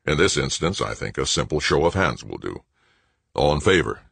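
A man voicing a pompous older male board chairman with a rumbling, droning bullfrog voice. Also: sing-song, moderate pace, gravelly, fairly bright tone, slightly rough, no echo, heavily acted.

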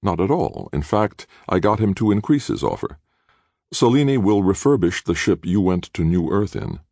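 A man reading an audiobook, voicing an imperious older woman politician with a flat, cold, calculating manner. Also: sits low, normal speed, creaky, no room sound, studio quality, pitched above the performer's own voice, exaggerated voice. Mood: icy. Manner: icy and flat, coolly calculating. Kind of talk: audiobook character voice.

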